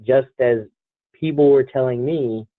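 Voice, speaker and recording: A man's voice: mid-range voice, measured pace, no room sound. A man with a New Jersey accent, co-hosting a casual podcast from a hotel room and talking chattily with lots of "like". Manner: chatty, heavy use of "like". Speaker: podcast co-host. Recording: tinny phone-line sound, dry.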